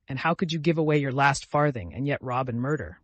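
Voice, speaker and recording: A man's voice: mid-range voice, expressive, brisk, a bit bright, no echo. A man voicing a timid young woman who pleads in bewilderment. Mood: bewildered.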